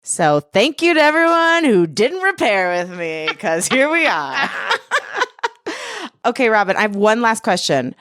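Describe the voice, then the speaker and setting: A woman hosting a podcast interview, affirming her guest warmly and laughing readily. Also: a little high, sing-song, measured pace, clear, resonant tone, dry recording, studio quality. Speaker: podcast host. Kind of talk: interview conversation.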